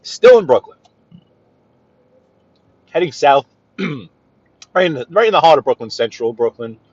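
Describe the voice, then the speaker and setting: A man with a New York accent chatting to viewers while driving, greeting them by name and often clearing his throat. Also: on the high side, sing-song, moderate pace, a little mellow, dry recording, highs cut off. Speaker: livestream host driving. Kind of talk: casual live-stream chat while driving. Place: inside a car on city streets.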